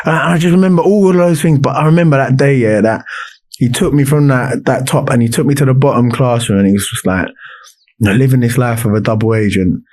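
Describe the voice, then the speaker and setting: A man's voice: mid-range voice, brisk, a little mellow. A man, a podcast guest telling his life story in casual talk, with many restarts and fillers.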